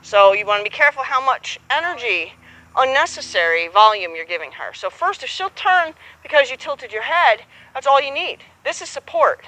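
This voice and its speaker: A woman's voice: sits high, sing-song, moderate pace, pushed and bright, low-quality recording. A woman coaching a horsemanship student outdoors, patient and encouraging, acting out both horse and rider as she explains. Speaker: horsemanship instructor. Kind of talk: hands-on coaching.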